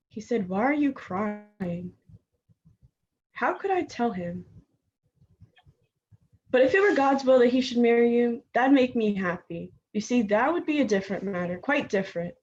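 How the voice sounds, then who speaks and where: An actress playing a tender elder sister who consoles and gives soothing, measured advice. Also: female voice, a little high, darkish tone, highs cut off. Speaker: student actor. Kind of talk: stage drama dialogue.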